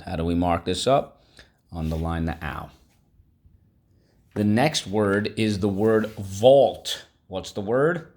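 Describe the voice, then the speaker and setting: A male teacher giving a vocabulary lesson to children, prompting the class to repeat words and praising their answers. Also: deep voice. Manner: call-and-response prompting, upbeat encouraging. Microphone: recorded video lesson.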